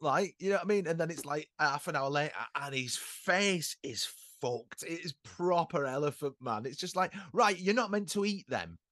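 Middle-aged guy rambling and swearing through stories, bright dry sound. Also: fairly high pitch, lively intonation, normal speed, few pauses, no room sound. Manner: rambling anecdotes with swearing and impressions. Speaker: podcast co-host. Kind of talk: casual chat.

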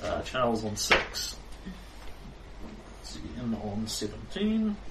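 A man playing a tabletop game and adding an editor's voice-over, with jokey, quick asides. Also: fairly low pitch, big pitch swings. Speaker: player and editor. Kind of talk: casual tabletop play and voice-over. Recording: distant mic with background noise.

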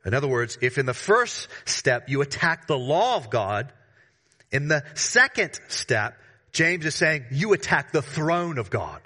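Bright-voiced man preaching emphatically. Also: big pitch swings, measured pace. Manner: emphatic preaching with sudden rises in pitch and volume; slangy asides to the congregation. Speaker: pastor. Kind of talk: sermon.

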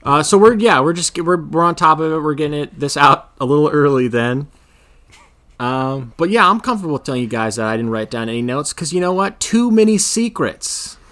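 A young man hosting a movie podcast in casual, animated chat, laughing often. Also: on the high side, fairly quick. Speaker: podcast host.

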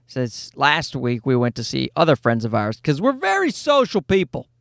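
A man's voice: medium pitch, huge pitch swings, normal speed, gravelly, dry recording, clean studio sound. A man in his thirties telling rambling, profane, self-deprecating stories as a podcast host. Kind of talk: casual podcast monologue.

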